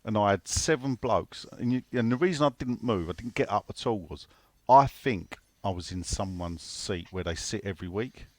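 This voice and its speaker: A man's voice: lowish voice, moderate pace, hardly any pauses, dry recording. A man co-hosting a casual football podcast, swearing freely and reading out listener questions. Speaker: podcast co-host.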